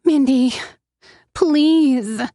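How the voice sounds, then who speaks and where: A woman's voice: fairly high pitch, animated, unhurried, dry recording, studio quality, voice pushed up. A woman voicing a desperate addicted sister who pleads, then turns bitter, in an audiobook. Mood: begging. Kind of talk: audiobook narration.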